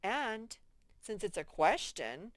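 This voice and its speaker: A woman teaching a first grade reading lesson, slowly sounding out words in a patient way. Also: medium pitch, sing-song, no echo. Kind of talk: reading lesson for young children.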